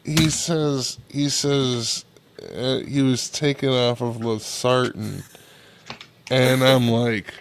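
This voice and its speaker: A man co-hosting a casual online talk show, telling a story haltingly with swearing and laughter. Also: medium pitch, steady tone, a little hiss or hum. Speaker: podcast co-host. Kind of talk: casual chat.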